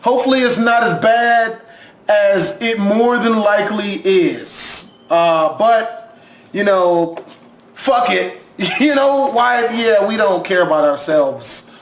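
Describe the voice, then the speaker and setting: A man with a high, unhurried voice hosts a YouTube reaction video. His casual commentary is jumpy and profane, and he laughs as he talks.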